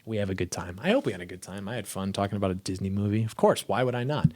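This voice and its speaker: A young adult YouTube commentator with a low, slightly mellow voice races through a casual chat to camera from his small home video studio. He's offhand and rambling, often cutting himself off mid-sentence.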